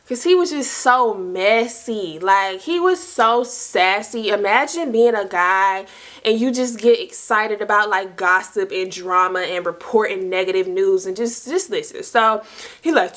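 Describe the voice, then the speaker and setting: A woman's voice: mid-range voice, measured pace, fairly bright tone. A young woman casually telling a personal story to her viewers, chatty and slangy, full of asides to the audience. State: dry mouth. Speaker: storytime vlogger.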